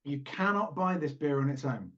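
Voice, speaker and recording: A man's voice: on the high side, animated, moderate pace, fairly bright tone, muffled recording. Man co-hosting, playful and rambling. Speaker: podcast co-host. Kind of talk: casual chat.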